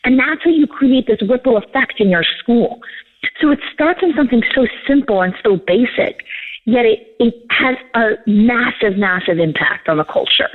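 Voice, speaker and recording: A woman's voice: a little high, normal speed. A woman, a leadership coach, giving interview answers and telling stories with acted-out dialogue. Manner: animated storytelling, acts out quoted dialogue. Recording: tinny phone-like line.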